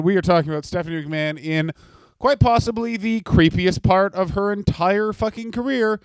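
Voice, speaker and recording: A man co-hosting a comedy podcast, ranting in crude, sardonic banter. His voice sits fairly high, and it is recorded close and dry. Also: moderate pace, clean tone, no echo. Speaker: podcast co-host.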